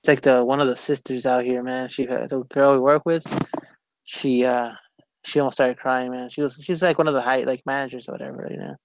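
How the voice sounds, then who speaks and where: A man in casual chat, rambling and halting, swearing often and restarting his sentences. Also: mid-range voice, little pitch movement, no echo. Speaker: conversation partner. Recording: dull lo-fi recording.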